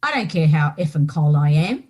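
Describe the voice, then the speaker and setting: A woman's voice: deep voice, animated, normal speed, dark tone. An Australian woman, a guest author, telling a personal story emphatically and often checking in with "right?". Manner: emphatic, keeps asking "right?".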